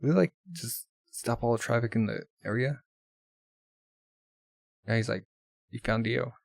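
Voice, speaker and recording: Man casually reading a comic aloud, stumbles and self-corrects, gravelly voice, dry recording. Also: mid-range voice, measured pace, no echo. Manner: stumbles over words and corrects himself. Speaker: manga reader. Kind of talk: casual read-aloud with commentary.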